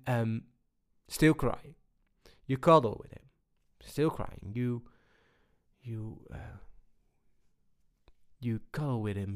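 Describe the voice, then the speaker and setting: A man giving a personal talk on balance, unhurried and full of pauses and restarts. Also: medium pitch. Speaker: speaker on balance.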